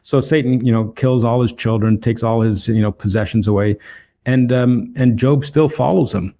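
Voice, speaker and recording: A man's voice: medium pitch, fairly even intonation, moderate pace, mellow. A man telling Bible stories and personal testimony in an earnest way, acting out the dialogue as he goes. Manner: earnest, retells dialogue with emphasis. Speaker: street evangelist.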